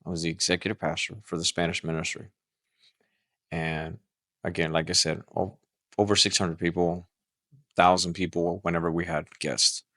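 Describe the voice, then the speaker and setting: A middle-aged man, a pastor and podcast guest, telling a story in an animated way with frequent restarts. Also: low voice, normal speed, pauses often, dry recording, studio quality.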